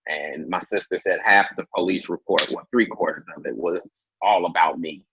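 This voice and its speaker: Male comedian guest, deep raspy voice, animated storyteller, lo-fi audio. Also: normal speed, noisy background. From Indianapolis, Indiana. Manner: animated storyteller, acts out quotes in a much higher voice. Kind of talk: casual interview storytelling.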